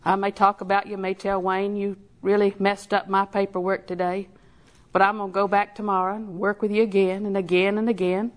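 A woman's voice: mid-range voice, level tone. Folksy older woman preaching. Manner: folksy, storytelling with laughs, slow emphatic repetition. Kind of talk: sermon.

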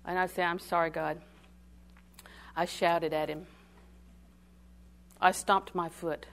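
An older woman preaching a sermon in a call-and-response style, swinging from loud declarations to hushed asides. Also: lowish voice, level tone, slow, creaky.

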